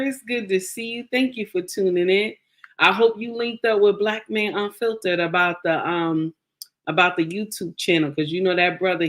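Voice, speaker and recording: A woman's voice: fairly low pitch, fairly bright tone. An outspoken woman hosting a live stream, chatting casually and greeting viewers by name.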